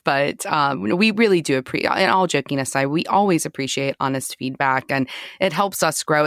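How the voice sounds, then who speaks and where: Low-voiced woman podcast co-host. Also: no echo, clean studio sound. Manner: chatty, with frequent ums and self-corrections. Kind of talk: casual podcast chat.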